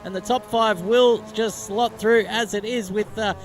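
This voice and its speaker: High-voiced Australian co-commentator man. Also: a little slow, faint music behind. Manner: chatty, laughing, bursts into excited yelps. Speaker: race co-commentator. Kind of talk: sim racing commentary.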